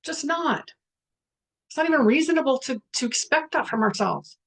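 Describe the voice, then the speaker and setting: A middle-aged woman leads a reflective spiritual talk as a workshop facilitator, candid, earnest, and sometimes swearing as she reads out participants' messages. Her high-pitched voice is animated, gravelly, and a bit bright, at a moderate pace.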